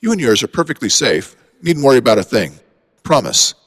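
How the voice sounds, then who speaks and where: A man's voice: medium pitch, sing-song, a little fast, a bit bright, big-room sound, pitched above the performer's own voice. A man voicing a brusque male park veterinarian who talks in a blunt, folksy way. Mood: reassuring.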